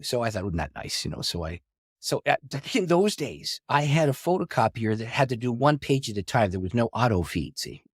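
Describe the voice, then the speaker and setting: A middle-aged man, a pastor and author, telling a long story in an interview with animated delivery, acting out quoted dialogue and laughing often. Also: medium pitch, fairly quick, breathy edge, dry recording, clean studio sound. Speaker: pastor and author, podcast guest.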